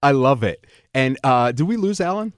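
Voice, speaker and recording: A man's voice: mid-range voice, expressive, normal speed, no echo. Brief: male host, rambling and laugh-prone, dry close sound. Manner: rambling, restarts questions, laughs often. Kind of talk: casual interview chat.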